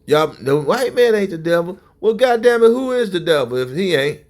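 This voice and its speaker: A man preaching fiery religious commentary in a confrontational way, often breaking into shouts. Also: sits high, very animated, moderate pace.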